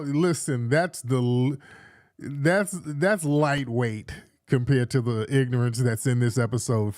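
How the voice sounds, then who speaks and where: The man hosting this casual livestream has a mid-range, slightly mellow voice, recorded dry. Speaking indoors in Los Angeles on a studio mic, he chats and hypes, often saying his phrases more than once.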